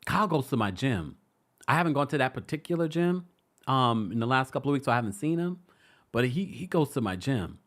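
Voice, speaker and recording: A woman hosting a live-stream celebrity gossip recap, hoarse, chatty and laughing often, stopping and restarting her sentences. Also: rumbling low, brisk. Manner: animated, laughing, self-interrupting.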